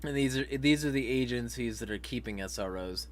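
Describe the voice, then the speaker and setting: A vlog host with a mid-range voice, speaking a little fast, runs a casual livestream. He swears freely, laughs often and reads viewer chat comments out loud.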